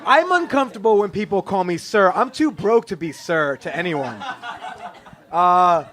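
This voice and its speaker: A man's voice: sits high, expressive, normal speed. A man hosting a podcast live on stage, telling stories in a self-deprecating, laughing way. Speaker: podcast host.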